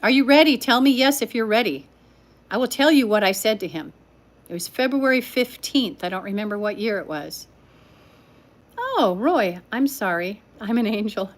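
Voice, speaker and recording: A woman's voice: a little high, expressive, fairly quick. An older woman telling a story to her live-stream viewers in a chatty, teasing way, talking straight to them. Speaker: livestream storyteller.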